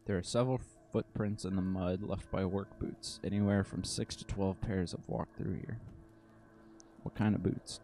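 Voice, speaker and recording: Chill guy reading a detective game out loud, low mellow voice. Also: steady tone, normal speed, slight background noise. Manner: casual, mutters asides between read lines. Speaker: let's play narrator. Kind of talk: reading game text aloud while playing.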